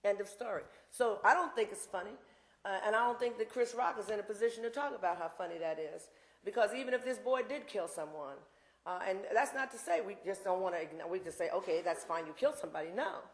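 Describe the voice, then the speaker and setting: A woman in her sixties speaks in a university hall, blunt and impassioned, often wandering off into asides. Her voice sits at an ordinary middle pitch. The room adds a strong echo. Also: fairly quick. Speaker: invited speaker. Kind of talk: campus talk with audience Q&A.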